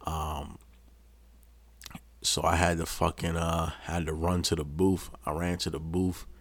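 A man with a deep, gravelly voice tells a story as a podcast host. He rambles casually and swears constantly. The sound is dry and close. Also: flat delivery, a little slow, dry recording. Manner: profane, rambling.

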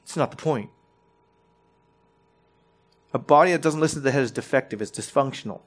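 A man's voice: mid-range voice, a little fast. A man preaching a sermon in a conversational teaching manner, often checking in with his listeners and restarting his phrases.

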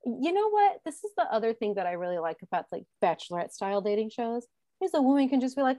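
A woman's voice: fairly high pitch, sing-song, fast, mellow, dry recording. A woman hosting a casual chat, recapping a show with frequent laughter and acted-out quotes. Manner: chatty, laughs often, acts out quotes. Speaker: podcast host recapping a dating show.

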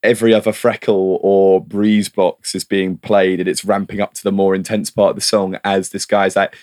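A man's voice: low-pitched, little pitch movement, moderate pace, a little mellow. A man co-hosting a casual film review podcast, laughing often and swearing casually. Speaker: podcast co-host.

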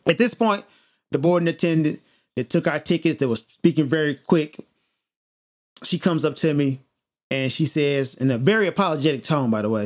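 A man hosting a podcast, telling a story in an animated, emphatic monologue and repeating points for effect. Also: fairly high pitch, normal speed. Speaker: podcast host.

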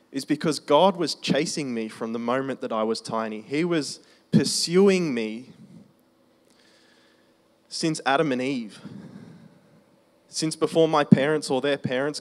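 A man preaching a testimony sermon in a conversational storytelling way, slowing down for emphasis. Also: mid-range voice. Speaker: preacher sharing his testimony.

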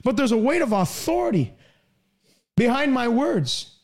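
A man delivers a broadcast sermon in a very high voice. He presses his points emphatically, swinging from raised pleading lines to low, quieter asides. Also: big pitch swings, unhurried, gravelly. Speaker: preacher.

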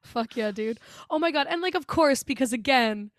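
A young woman with a high-pitched voice, speaking into a dry, close microphone. She co-hosts a casual podcast, animatedly retelling scenes and slipping into little quoted voices. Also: expressive, normal speed, no echo. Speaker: podcast co-host. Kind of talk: casual chat recapping a film.

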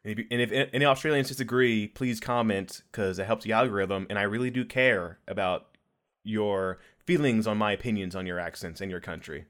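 A man's voice: fairly low pitch, fairly quick, a bit bright. A man hosting a podcast, interviewing in a playful, joking way. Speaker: podcast host.

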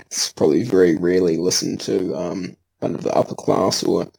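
A man's voice: sits low, steady tone, a little fast, gravelly, dark tone, slightly rough, low-quality recording. A man asking questions in casual chat, hesitant and full of ums and restarts.

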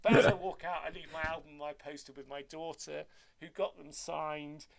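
A man's voice: fairly high pitch, normal speed, vocal fry, a crowd in the background. An older man telling rambling anecdotes in casual chat, cursing freely. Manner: lively rambling storyteller, swears freely.

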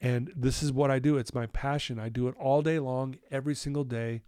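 Animated middle-aged man telling a story. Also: medium pitch, brisk, clear, resonant tone, no room sound, clean studio sound. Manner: animated, acts out his own quoted lines. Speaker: podcast guest. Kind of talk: storytelling in a conversational interview.

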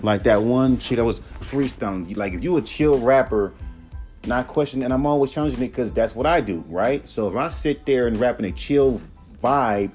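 A man's voice: mid-range voice, moderate pace, darkish tone, soft background music. A man hosting a solo podcast, ranting in a casual, profane, emphatic way and mocking others in put-on voices. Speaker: podcast host.

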